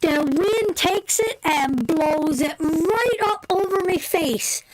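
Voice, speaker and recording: This is a woman with a strikingly high voice telling a story on her live stream. She talks loosely and colloquially, saying "me" instead of "my", with plenty of laughter. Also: slow pace, low-quality recording. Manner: animated storyteller, breaks into laughter; colloquial, drops into "me" for "my". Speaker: tarot live-stream host. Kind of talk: casual anecdote telling.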